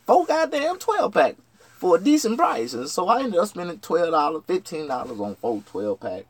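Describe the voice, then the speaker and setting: A man with a wildly swinging, animated pitch. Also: husky. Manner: profane, swings from shouted outbursts to low mutters. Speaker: vlogger. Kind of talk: casual rambling monologue.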